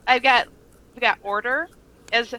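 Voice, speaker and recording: A woman's voice: on the high side, fairly even intonation, a little slow, pushed and bright, poor audio. A woman co-hosting a casual podcast chat, telling a rambling story full of fillers and laughs. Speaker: podcast co-host.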